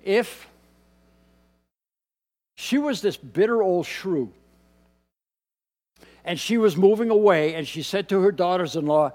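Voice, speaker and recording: A man preaching a sermon as pastor, moving between quiet, dropped asides and loud, emphatic lines. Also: sits high, sing-song, takes it slowly, pauses often. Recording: long hall reverb.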